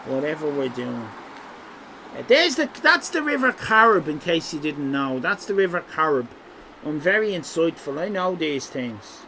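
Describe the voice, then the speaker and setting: Jokey man, lively high voice. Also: normal speed, slight background noise, low-quality recording. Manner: jokey, rambling, teasing chat. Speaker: streamer. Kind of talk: live stream commentary over a city walk video.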